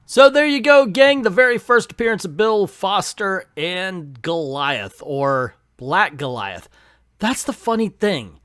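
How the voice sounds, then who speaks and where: A man's voice: sits high, sing-song, measured pace, pushed and bright, clear, resonant tone, no echo, clean studio sound. A middle-aged man recapping an old comic book with sarcastic asides, reading the panels aloud. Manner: sarcastic, voices characters while reading.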